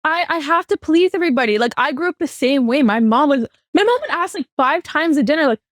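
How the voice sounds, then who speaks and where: A woman co-hosting a casual podcast, animated and laughing often as she tells stories. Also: sits high, fast, no echo, clean studio sound. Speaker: podcast co-host.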